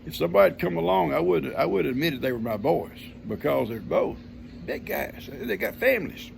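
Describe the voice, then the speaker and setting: An older man with a drawl spins a homespun yarn in a deeply gravelly, creaky voice that sits a little high for a man. His telling is folksy and easygoing. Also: expressive, a little fast, slight background noise. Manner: folksy, homespun grammar, chuckling storyteller. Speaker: vlogger telling a family story. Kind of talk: casual storytelling.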